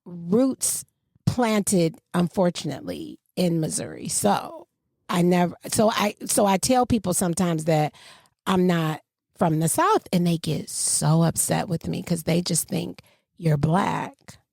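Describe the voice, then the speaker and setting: A woman, co-hosting a podcast in casual chat and telling stories with swooping pitch. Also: a little slow, vocal fry, no room sound, studio quality. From Michigan. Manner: animated storyteller, swooping pitch. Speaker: podcast co-host.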